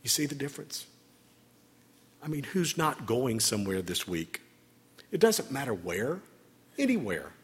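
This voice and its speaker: A man, a priest, giving a sermon to his congregation in a conversational, gently humorous way. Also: mid-range voice, big pitch swings, measured pace, long pauses, husky, long reverb tail. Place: church sanctuary.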